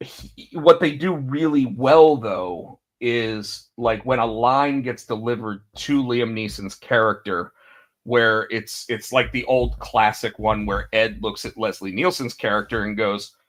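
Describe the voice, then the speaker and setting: A man's voice: lowish voice, measured pace. A man co-hosting a podcast, telling stories in a rambling, casual way and acting out the quotes. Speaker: podcast co-host. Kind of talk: casual chat.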